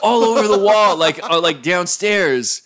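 A man's voice: high voice, lively intonation, unhurried, a bit bright, voice pushed up. A man putting on the voice of a drunk, panicked young man who babbles and whines. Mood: bewildered. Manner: frantic, whiny, rambling.

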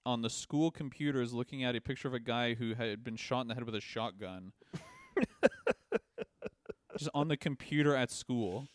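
A man's voice: medium pitch, normal speed, pauses often. Laughing crude young man on a podcast. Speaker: podcast co-host. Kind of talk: casual chat.

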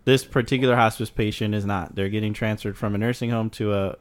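A man's voice: lowish voice, steady tone, fast talker. A man co-hosting a casual podcast, explaining procedures in a matter-of-fact way and swearing casually. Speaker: podcast co-host. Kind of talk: casual chat.

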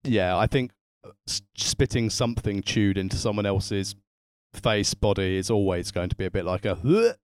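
A man's voice: on the low side, fairly even intonation, moderate pace, clear, resonant tone. A man co-hosting a casual wrestling podcast, slipping wry jokes into his points. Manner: wry, joking asides. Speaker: podcast co-host. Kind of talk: casual chat reviewing wrestling.

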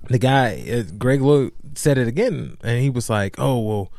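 A man telling a story in a casual chat, halting now and then. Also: mid-range voice, gravelly, a little mellow, no room sound. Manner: anecdotal, halting with fillers.

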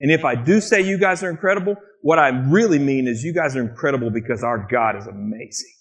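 A man preaching a sermon in a church, lively and animated, often acting out excited quotes in a higher voice. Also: fast. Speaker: pastor.

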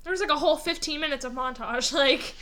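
A woman's voice: high-pitched, fast, a crowd in the background. A teenage girl co-hosting a podcast with her older sister, chatting in a youthful, giggly, laid-back way. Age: teens. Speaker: podcast co-host. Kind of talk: casual chat.

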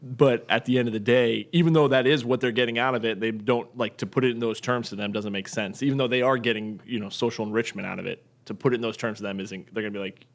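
A man's voice: mid-range voice, steady tone, fast, hardly any pauses. A man in a casual group chat who asks probing questions and leans on fillers like "right?".

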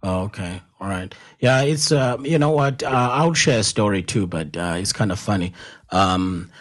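A South African man with a Zulu first language, hosting a casual interview as a rambling storyteller who laughs easily and fills pauses with lots of "uh"s. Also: fairly low pitch. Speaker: podcast host.

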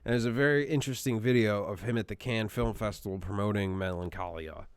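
A man in casual podcast chat, telling stories in an animated, profane way and laughing often. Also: lowish voice, quick pace, clean tone.

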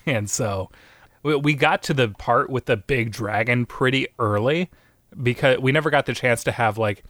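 A young man in casual chat, retelling a film plot with lively acted-out voices. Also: medium pitch, measured pace, dry recording, clean studio sound. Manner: animated storytelling, acts out characters with voices.

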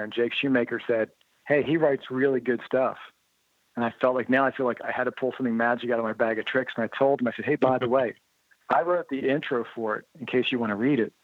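A man being interviewed about his motorcycle writing, telling lively anecdotes in a casual way and acting out the dialogue he quotes. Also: mid-range voice, no room sound. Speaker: interview guest, motorcycle writer and blogger. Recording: tinny phone-like line, dry.

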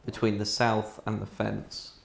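A man's voice: lowish voice, monotone, unhurried, creaky. A man in a casual chat, talking in a matter-of-fact way as he passes on what others have said. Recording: echoey room.

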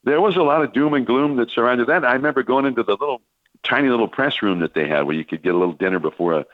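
Talking very fast and animatedly at medium pitch, a veteran baseball broadcaster, now an older man, spins long, wandering stories on sports talk radio, restarting often and using lots of fillers. The audio sounds like a phone line, with no echo.

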